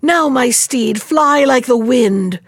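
An earnest young hero, as a woman storyteller voices him, loyal and urgent in a fairy tale. The tone stays clear, close and dry. Each line comes out heartfelt and determined. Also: sits high, animated, moderate pace, no echo, pitched above the performer's own voice. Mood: rousing. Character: brave, loyal young man, the younger brother.

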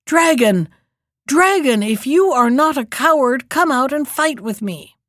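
A bold young prince, slow and mocking in his defiance, as a woman reading puts him on. The voice sits high and sounds close and dry. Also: animated, no echo. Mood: challenging.

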